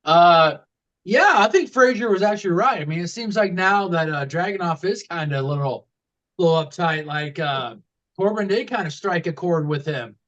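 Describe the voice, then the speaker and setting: High-voiced man rambling about wrestling. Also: lively intonation, normal speed, a bit bright, highs cut off. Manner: rambling, many fillers and restarts. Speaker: podcast co-host. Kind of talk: casual wrestling talk.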